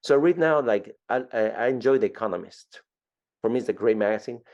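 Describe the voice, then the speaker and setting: Gravelly Ecuadorian-accented man in his fifties. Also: medium pitch, quick pace, muffled recording. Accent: Ecuadorian Spanish. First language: Spanish. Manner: animated storyteller, repeats words. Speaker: guest. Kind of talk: storytelling interview.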